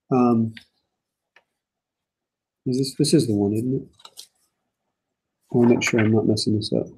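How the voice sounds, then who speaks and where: A man's voice: medium pitch, warm tone, husky. A man leading a church Bible study in a casual, musing way, reading scripture aloud with emphasis between his own remarks. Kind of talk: conversational Bible study teaching. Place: church meeting room.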